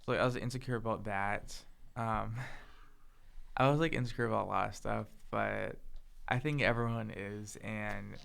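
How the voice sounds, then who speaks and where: Young male podcast co-host, soft-spoken, low-pitched with some vocal fry, hesitant and casual. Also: fairly even intonation, normal speed. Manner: hesitant, lots of filler words.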